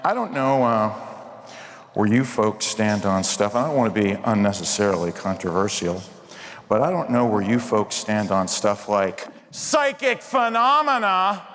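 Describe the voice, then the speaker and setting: A man's voice: fairly low pitch, sing-song, normal speed. A man performing live stand-up comedy with playful crowd work at a hotel event. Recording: reverberant hall with crowd noise.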